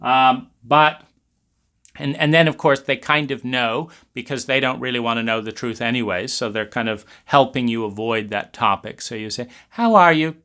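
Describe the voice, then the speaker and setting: A man's voice: mid-range voice, steady tone, normal speed, sharp tone, clean tone. A man giving a lecture-style talk, speaking animatedly and acting out family scenes as he goes. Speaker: speaker on trauma. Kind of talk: lecture monologue.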